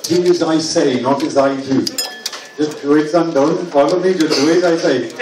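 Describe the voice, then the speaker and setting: A man's voice: a little high, moderate pace, background noise, close to an everyday voice. A man doing a blustering stern dad. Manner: blustering, commanding. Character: stern threatening father scolding his son. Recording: echoey club, far mic, loud crowd.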